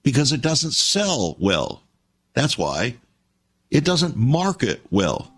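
A man's voice: mid-range voice, huge pitch swings, slow. A man preaching a radio sermon, reading scripture aloud with strong emphasis and calling listeners his friends, then appealing for donations as the ministry's host.

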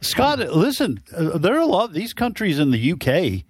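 A man's voice: a little high, moderate pace, husky, dry recording. A man co-hosting a talk radio show, bantering casually and cracking jokes in a studio. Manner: joking, animated, does voice impressions. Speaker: radio co-host. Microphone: studio microphone.

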